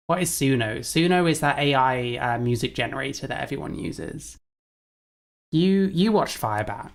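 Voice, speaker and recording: A woman's voice: very deep voice, creaky. A woman streamer giving blunt, sarcastic and profane reaction commentary, often laughing. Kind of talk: casual livestream reaction commentary.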